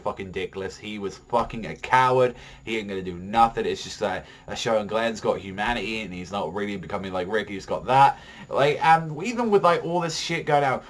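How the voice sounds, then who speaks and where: A young male vlogger gives a profane, rambling review of a TV episode. His voice sits at an ordinary middle pitch, and his delivery is loose, heated and full of fillers. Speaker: TV show reviewer. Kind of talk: casual ranting review vlog.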